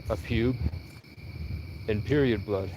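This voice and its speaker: A young man with a lowish voice livestreams over background noise, telling a long personal story that wanders. He stays animated throughout, acting out the dialogue and quickly quoting others.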